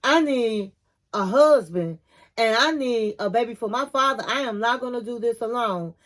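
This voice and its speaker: A woman's voice: a little high, moderate pace, a bit bright, lightly acted. A woman voicing an anxious young woman who sounds hesitant and pleading, while retelling a reality show. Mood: distressed. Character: anxious woman refusing, shaken.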